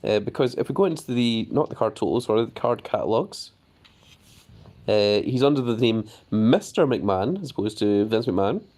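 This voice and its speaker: A man's voice: fairly low pitch, moderate pace. A man hosting a casual live stream of a game, chatting about his cards and reading viewer messages aloud before answering them. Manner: easily excited, voice jumps up on greetings.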